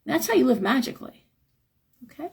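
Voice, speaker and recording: A middle-aged woman on a live stream talks through spiritual advice in a frank, chatty way and sounds a bit worn out. Her voice sits fairly high, with a husky edge and a gravelly fry at the ends of her phrases. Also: sing-song, fairly quick, a little mellow. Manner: chatty, frank, acts out quotes with a higher voice. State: tired. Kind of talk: casual live-stream talk, reading chat.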